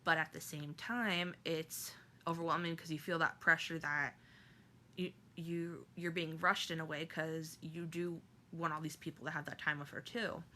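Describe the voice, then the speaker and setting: A woman vlogger telling a personal story to camera, halting and emotional, with many fillers and restarts. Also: low-pitched, little pitch movement, sharp tone, a little hiss or hum.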